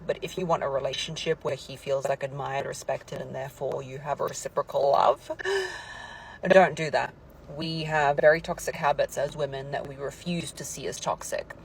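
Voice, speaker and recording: A woman's voice: low-pitched, creaky, a little hiss or hum, low-quality recording. A woman giving relationship advice in an emphatic, lecturing monologue.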